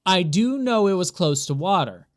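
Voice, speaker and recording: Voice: mid-range voice, animated, moderate pace. A streamer chatting to viewers during a live gameplay stream, rambling and exasperated, laughing often. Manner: exasperated, rambling, talks to chat while playing.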